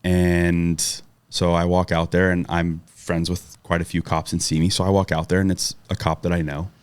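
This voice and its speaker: A man with a very low, deep voice spins a profanity-laced story in casual chat. He jumps into loud, animated quotes of people as he goes. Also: moderate pace, clear, resonant tone. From Southern California. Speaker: podcast guest.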